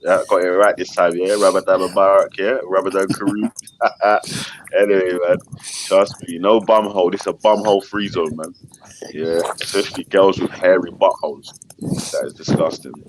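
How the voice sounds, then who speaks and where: A man's voice: low-pitched, fairly even intonation, moderate pace, background noise. A man hosting a casual live chat, brash and slang-heavy, swearing freely. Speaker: host.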